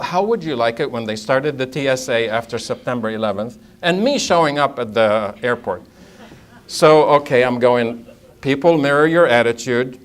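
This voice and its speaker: A middle-aged man from Lebanon, telling a humorous story at a conference and acting out both sides of the dialogue. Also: a little high. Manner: animated, acts out both sides of dialogues, laughs often. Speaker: speaker at a conference. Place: conference hall.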